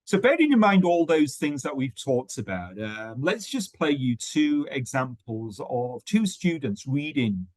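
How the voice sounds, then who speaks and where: A man's voice: medium pitch, very animated, measured pace, hardly any pauses, no room sound. Man explaining in a dry, close sound. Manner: explanatory, with frequent ums and restarts. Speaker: teacher trainer. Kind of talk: webinar teaching on pronunciation.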